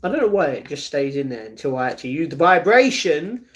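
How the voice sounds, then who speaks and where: Chatty British man, slightly high voice. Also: very animated, fast. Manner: chatty, laughs often, answers viewers by name. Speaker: live streamer. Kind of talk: casual live-stream chat, reading chat messages.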